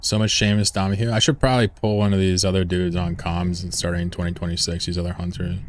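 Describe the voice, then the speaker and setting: A man's voice: deep voice, level tone, fast talker, a little hiss or hum. A man chatting casually on a live game stream, rambling, joking and swearing freely while he plays.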